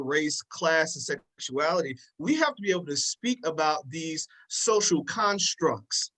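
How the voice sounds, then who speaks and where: A man's voice: fairly high pitch, fairly bright tone, poor audio. A man speaking as a guest in a live panel discussion, impassioned and preacherly in cadence, often repeating the same phrases. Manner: repeats "in that respect".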